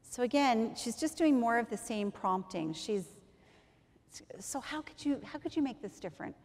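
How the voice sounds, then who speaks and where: A woman's voice: fairly high pitch, moderate pace, slight background noise. A woman giving a chatty conference talk on physiotherapy, sometimes acting out what patients say. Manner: lively, chatty, acts out patient quotes. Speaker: physiotherapist presenter. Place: large conference hall. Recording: long hall reverb.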